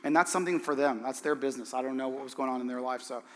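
A man preaching as a pastor, telling a story in an animated way and acting out the voices of the people in it. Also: medium pitch, rapid-fire, long reverb tail, a little hiss or hum. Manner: animated, acts out the voices in his stories. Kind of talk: sermon storytelling.

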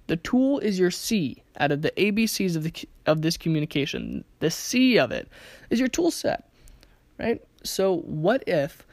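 Animated storyteller teaching communication, dry sound. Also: mid-range voice, no echo. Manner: lively storytelling with acted-out quotes and frequent rhetorical questions. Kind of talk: casual spoken lesson with anecdotes.

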